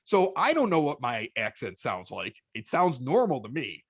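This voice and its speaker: A man with a Chicago accent, a podcast guest telling stories in casual chat, animated and often stammering through restarts. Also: medium pitch, normal speed, slightly rough, no echo. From Chicago, United States.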